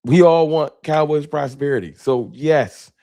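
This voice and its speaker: A man with a slight lisp hosting a casual sports talk live stream, talking straight to his chat in slangy, animated bursts. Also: on the high side, a little slow.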